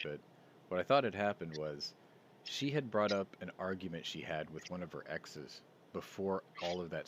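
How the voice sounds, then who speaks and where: A man's voice: low voice, slight background noise. A man hosting a podcast, telling a story in a casual way and acting out the voices he quotes. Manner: animated, acts out quoted voices. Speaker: podcast host.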